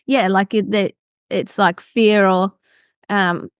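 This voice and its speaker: A woman's voice: mid-range voice, fairly even intonation, takes it slowly, clear, resonant tone, dry recording, studio quality. A woman hosting a podcast, chatting casually and affirming her guest often. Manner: encouraging, frequent affirming murmurs. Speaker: podcast host.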